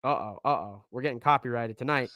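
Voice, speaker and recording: A man's voice: mid-range voice, fast talker, a bit bright, dry recording, muffled recording. A man hosting a casual live-stream wrestling show, talking loosely with slang and lots of fillers. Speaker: wrestling podcast host.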